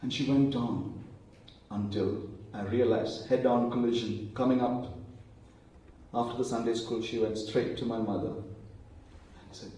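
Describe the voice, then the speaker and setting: A man preaching a sermon, telling stories and acting out quoted lines in hushed voices. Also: medium pitch, fairly even intonation, unhurried, pauses often, slight background noise. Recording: very echoey hall, voice from a distance.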